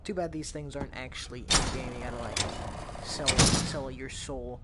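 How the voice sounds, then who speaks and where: A man's voice: mid-range voice, fairly even intonation, normal speed, heavy background noise. Young man rambling over gameplay. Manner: joking, rambling, swearing. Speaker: gamer. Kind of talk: casual VR gameplay commentary.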